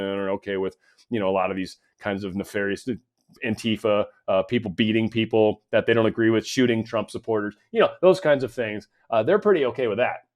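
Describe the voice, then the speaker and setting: A man talks through the news in a loose, rambling way, full of sarcastic jabs and mocking asides. His voice sits at an ordinary middle pitch for a man. It comes across as an off-the-cuff political commentary show.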